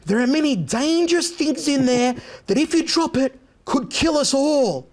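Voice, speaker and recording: A man putting on the voice of a jittery, secretive big man issuing a solemn warning in a hushed tone. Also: extremely high pitch, expressive, normal speed, pitched above the performer's own voice. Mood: grave warning.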